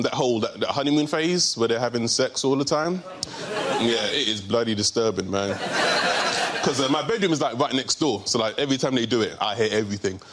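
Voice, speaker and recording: A young man from England, doing a chatty stand-up routine with hesitant fillers. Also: medium pitch. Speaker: comedian.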